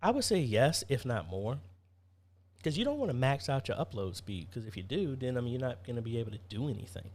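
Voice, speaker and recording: A man's voice: mid-range voice, big pitch swings, brisk, a little hiss or hum. A man hosting a casual live-stream Q&A, chatty, reading viewer comments aloud and answering them.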